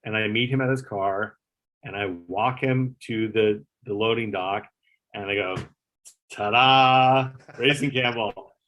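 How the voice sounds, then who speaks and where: A man's voice: on the low side, normal speed. Rambling man telling a backstage anecdote. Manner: rambling, filler-heavy, animated retelling with swearing. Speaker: former talk show producer telling stories. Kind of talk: casual anecdotal storytelling.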